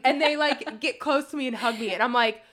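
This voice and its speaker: A woman co-hosting a podcast, chatting casually and telling stories in an animated way with lots of fillers. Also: sits high. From Italian-American. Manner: animated, quick storytelling with many fillers. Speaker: podcast co-host. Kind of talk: casual chat.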